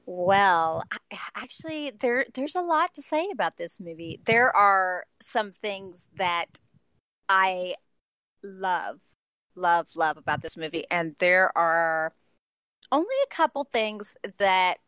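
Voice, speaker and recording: A woman's voice: medium pitch, lively intonation, takes it slowly, sharp tone, smooth, dry recording. A woman reviewing a film on a podcast in casual chat, enthusiastic and gushing, often laughing between thoughts.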